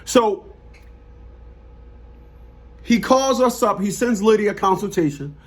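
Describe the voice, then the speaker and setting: Husky, mocking man talking straight to viewers. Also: sits high, animated, slow pace. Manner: blunt, mocking, repetitive, street talk. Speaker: family court consultant and host. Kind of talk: monologue commentary to viewers.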